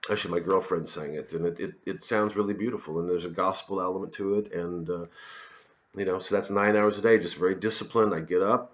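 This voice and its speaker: Low-voiced American man ranting, lo-fi. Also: steady tone, brisk. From Missouri, USA. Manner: ranting, profane, digressive with many restarts. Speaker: comedian hosting his own show. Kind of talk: rambling monologue to camera.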